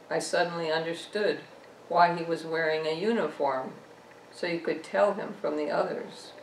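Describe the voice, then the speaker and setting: A woman author reading her own novel aloud, telling a first-person story at a measured pace. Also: low voice, vocal fry, a little hiss or hum. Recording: echoey room, distant mic.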